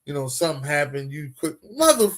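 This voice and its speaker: Joking man with a higher voice. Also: sing-song, brisk. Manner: joking, drawls and trails off. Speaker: podcast co-host. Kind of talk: casual chat.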